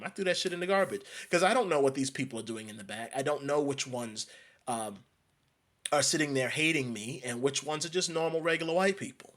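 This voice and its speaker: A man's voice: medium pitch, brisk, a bit bright. A man from New York delivering an emphatic ranting monologue, repeating and restarting phrases. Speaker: commentator.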